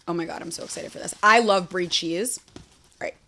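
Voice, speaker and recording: A woman's voice: on the low side, a little fast, sharp tone, slight background noise. A young woman hosting a casual solo podcast, chatting enthusiastically about food and talking to her cat between bites. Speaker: podcast host. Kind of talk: casual solo chat while eating.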